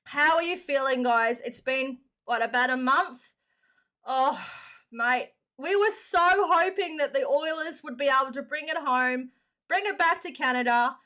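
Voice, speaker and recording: A woman's voice: sits high, unhurried, sharp tone. An Australian woman hosting a reaction video, chatting casually to her viewers and calling them mate. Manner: chatty, addresses viewers as mates.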